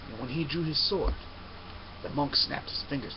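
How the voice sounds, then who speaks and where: Guy telling a story real slow and dramatic, kinda high voice, muffled lo-fi with some hiss. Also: gravelly. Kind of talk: told story narration.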